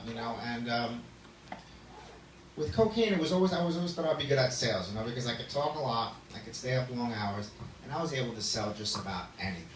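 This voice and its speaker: A man in his thirties doing a stand-up comedy set, self-deprecating and laughing at his own jokes. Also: mid-range voice. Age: 30s. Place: small club stage with audience. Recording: echoey room from a distance, loud noise.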